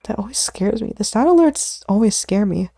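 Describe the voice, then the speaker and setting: A woman's voice: mid-range voice, expressive, normal speed, creaky, mellow, no room sound, studio quality. A woman streaming while she studies, murmuring names to herself, slipping into whispers and laughing at her own mistakes. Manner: muttering element names to herself, often dropping to a whisper; self-deprecating, laughs at her own slips. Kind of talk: casual study stream chatter.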